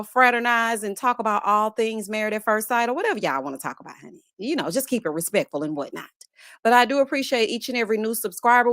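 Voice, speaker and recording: A woman hosts a casual live stream in a fairly high voice, chatty and sassy. She greets viewers one by one and drops playful asides. The sound is dry and close, with no room echo. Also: a bit bright. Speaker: livestream host.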